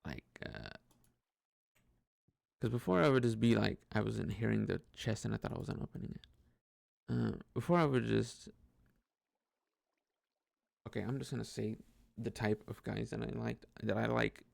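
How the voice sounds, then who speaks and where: Young male host, heavy vocal fry, lowish pitch, dry close sound; loose rambling personal monologue, laughs and restarts. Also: normal speed, pauses often, a little mellow, no room sound. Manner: rambling, self-deprecating, laughs often, many restarts. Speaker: podcast host.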